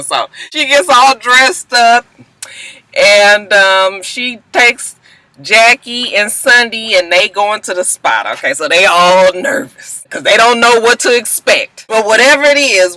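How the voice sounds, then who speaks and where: A woman hosting a casual reality-show recap vlog, a profane, animated storyteller who laughs a lot and acts out quotes. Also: fairly high pitch, rough recording. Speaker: video host.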